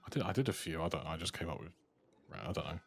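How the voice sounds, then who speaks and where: A man's voice: low-pitched, expressive, rapid-fire, fairly bright tone, slightly rough. A man in in-character roleplay chat, dry and understated. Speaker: roleplay player.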